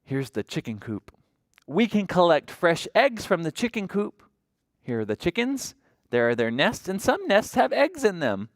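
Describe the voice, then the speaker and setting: A woman's voice: fairly low pitch, very animated, moderate pace, no echo, clean studio sound. A woman librarian reading a picture book at toddler story time in a sing-song, coaxing voice, often asking the children questions.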